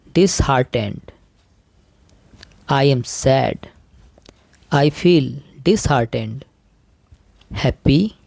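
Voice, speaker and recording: A man reading a vocabulary list of word pairs and example sentences in a measured, deliberate way, pausing between phrases. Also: mid-range voice, gravelly, a little mellow, no echo. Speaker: vocabulary teacher.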